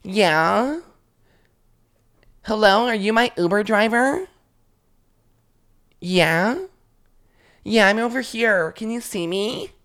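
A man doing a comedic impression of a whiny young woman with a slow, nasal drawl. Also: sits high, fairly bright tone, smooth, voice pushed up, exaggerated voice. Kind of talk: comedic impression in casual chat.

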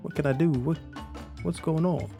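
A man's voice: on the high side, fairly even intonation, moderate pace, creaky, warm tone, soft background music. A man voicing a small anxious male spider in a campfire fable, in a raised, nervous voice. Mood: fretful.

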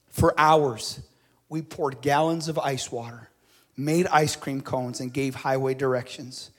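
Preacher guy reading a story in a sermon, bit high voice, gets loud then drops way down. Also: moderate pace. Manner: dramatic readings with swelling and dropping loudness.

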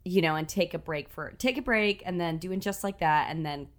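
A woman's voice: fairly low pitch, fairly quick. A woman co-hosting a podcast in casual chat, talkative with frequent fillers and laughs. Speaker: podcast co-host. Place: at home in Los Angeles.

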